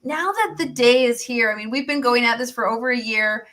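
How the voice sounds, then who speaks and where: Gushing, bright-voiced woman host. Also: fairly high pitch, a little fast, low-quality recording. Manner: gushing, effusive, upbeat. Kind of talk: enthusiastic promotional interview talk.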